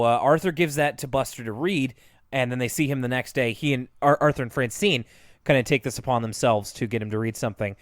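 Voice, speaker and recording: A man co-hosting a podcast in casual chat, retelling cartoon scenes in an animated way, with lots of fillers and laughs. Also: medium pitch, dry recording, studio quality. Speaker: podcast co-host.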